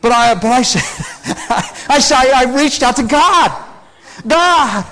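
A man's voice: very high-pitched, unhurried, poor audio. A man preaching an earnest, conversational sermon, often restarting his phrases and asking his listeners questions. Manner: earnest, animated, frequent restarts, asks the audience questions. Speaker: pastor.

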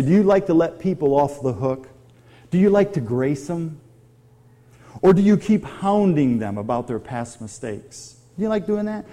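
A man's voice: a little high, mellow. A middle-aged man preaching a sermon, conversational and full of questions to his audience. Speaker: pastor.

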